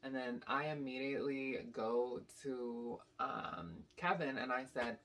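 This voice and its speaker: A young woman telling a casual storytime to her channel, animated and rambling with lots of "like" and "basically". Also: extremely low pitch, measured pace. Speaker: YouTube storyteller.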